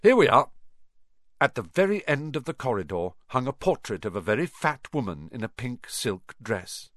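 A man narrating a storybook in an expressive, animated way. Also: medium pitch, no echo, studio quality. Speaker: audiobook narrator.

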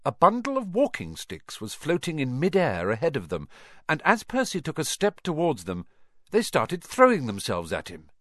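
Animated man reading a storybook. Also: mid-range voice, moderate pace, dry recording, studio quality. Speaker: audiobook narrator. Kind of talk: storybook narration.

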